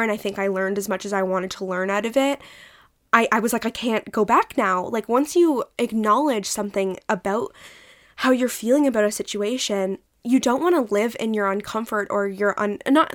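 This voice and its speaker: A woman in her twenties hosting her own podcast, talking candidly and chattily in a casual solo monologue, swearing now and then. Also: mid-range voice. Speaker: podcast host.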